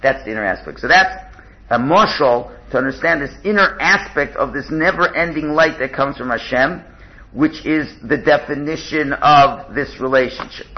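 A man's voice: medium pitch, moderate pace, dull audio. A man teaching a religious text in a study lesson, often restarting and repeating words as he glosses Hebrew terms in English.

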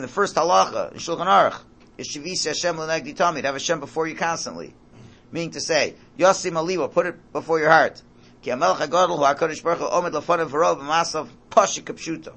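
A man's voice: a little high, pushed and bright. A man teaching an informal Torah class, emphatic, repeating his phrases and mixing in Hebrew and Yiddish terms.

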